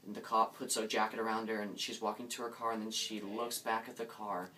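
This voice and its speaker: A man's voice: fairly low pitch, little pitch movement, brisk, pushed and bright. A young man casually telling a ghost story, hesitant with many restarts and building suspense, recorded from a distance with faint background noise.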